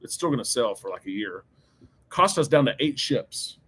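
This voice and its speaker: A man's voice: medium pitch, sing-song, normal speed, fairly bright tone, husky. Chatty man co-hosting a cruise talk show. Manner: chatty, enthusiastic, restarts often. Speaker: co-host and cruise travel agent. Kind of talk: casual live-stream chat.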